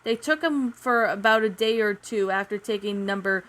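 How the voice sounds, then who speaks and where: A woman's voice: mid-range voice, normal speed, natural voice. A woman voicing a serious, grim teenage boy who leads a secret team. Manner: grim, calm, planning.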